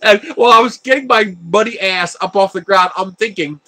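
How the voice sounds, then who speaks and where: Building a 3D printer on a relaxed livestream, this man chats with viewers, laughs a lot and tells stories. His voice is high and animated, sharp in tone, moving at a normal speed with few pauses.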